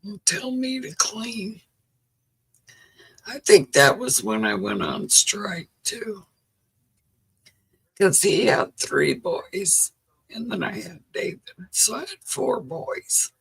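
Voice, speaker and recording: The audio is poor as a middle-aged woman chats on her livestream, spinning stories and often breaking into laughter. She takes her time, her husky mid-range voice carrying vocal fry, a bit of brightness and wildly swooping pitch.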